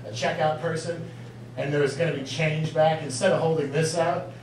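Giggly halting stand-up man. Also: fairly high pitch, fairly even intonation, slight background noise. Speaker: stand-up comic. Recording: echoey club from far off, loud crowd.

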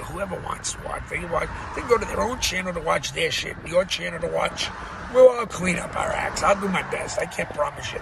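High-voiced man rambling in a car. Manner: profane, rambling, laughs at his own jokes. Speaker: vlogger. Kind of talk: rambling casual monologue. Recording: outdoor traffic noise behind.

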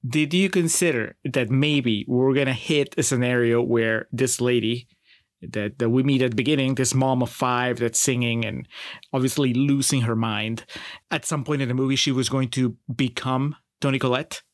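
Man, chatty podcast co-host, mid-pitched voice, dry close sound. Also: fairly even intonation, normal speed, dry recording. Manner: chatty, enthusiastic, asks questions. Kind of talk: casual film discussion.

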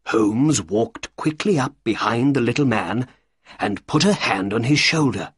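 Slow, husky male storybook narrator. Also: medium pitch, expressive, dry recording, clean studio sound.

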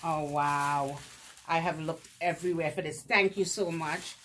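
A woman's voice: sits low, fairly even intonation, measured pace, a bit bright, slight background noise. A woman vlogger opening fan mail, effusive and laughing, repeating her praise over and over. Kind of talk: casual unboxing chat.

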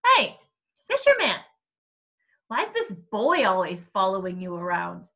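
A woman's voice: medium pitch, huge pitch swings, a little slow, fairly bright tone, heavily acted. A woman reading aloud, voicing a mocking teenage boy bully in a storybook. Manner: mocking, jeering.

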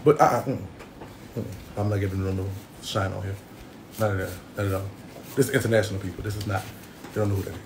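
A man's voice: lowish voice, fairly even intonation, fast talker, pauses often, noisy background. A man ranting a brash, boastful comedic roast, swearing constantly and laughing often. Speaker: internet personality doing a roast. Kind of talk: profane comedic roast rant.

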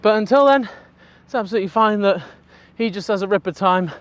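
A young man, a dog trainer explaining his work in an energetic, chatty way with casual swearing. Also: high voice, a little fast, dry recording.

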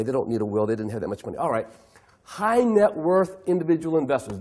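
Animated husky male keynote speaker. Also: a little high. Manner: animated, acts out clients' voices, asks the audience questions. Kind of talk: lively keynote talk to an audience.

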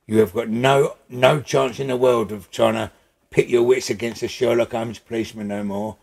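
An older man, gravelly and husky, speaking bluntly and emphatically in a casual interview at his home, swearing freely. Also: medium pitch, steady tone, normal speed, a little mellow. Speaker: interview guest.

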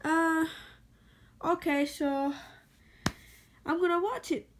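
High-voiced chatty young woman vlogger. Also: steady tone, slow, a little hiss or hum. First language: Spanish. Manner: chatty, repeats words while thinking aloud. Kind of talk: casual vlog chat.

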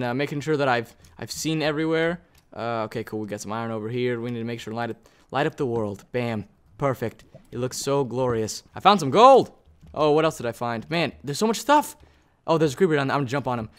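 A gaming YouTuber talking to himself in excitable, rambling let's-play commentary as he plays. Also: medium pitch. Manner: excitable, rambling self-talk while playing.

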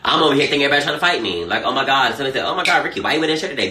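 A man chatting casually on a phone livestream, sassy and animated, swearing a lot. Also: medium pitch, racing. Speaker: social media personality. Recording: echoey room, faint noise.

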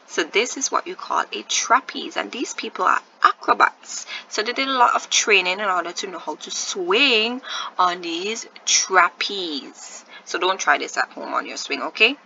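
A woman teacher leads a recorded phonics lesson, sounding out each letter slowly and asking her pupils questions. Her voice is bright and crisp, with a gravelly edge. The recording is dull and lo-fi, with a faint hiss behind her. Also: medium pitch.

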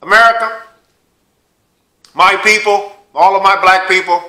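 Guy putting on a loud formal ex-president voice, speechifying, bright and high, echoey room. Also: fairly even intonation, unhurried, full character voice. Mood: solemn, rousing. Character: male former president giving a solemn address.

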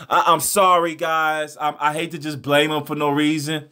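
A man's voice: on the high side, moderate pace, few pauses, bright, forceful tone. A young man hosting his own boxing channel, talking in a loose, profane, rambling way and repeating himself, swinging between mock outrage and laughter. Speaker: host of a boxing news channel. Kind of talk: casual reaction commentary.

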